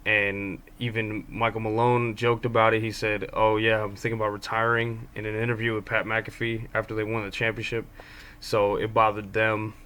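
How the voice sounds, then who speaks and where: Guy rambling about his hoops team, kinda flat low voice, lots of ums. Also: normal speed, clean tone. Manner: fan talking about his own team. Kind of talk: casual basketball commentary.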